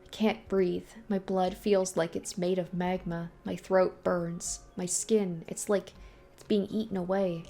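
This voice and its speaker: A woman's voice: on the low side, little pitch movement, unhurried, vocal fry, mellow. A woman reading a visual novel aloud in the voice of a young male ruler, brooding as he tells his story. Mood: anguished. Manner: brooding, first-person storytelling.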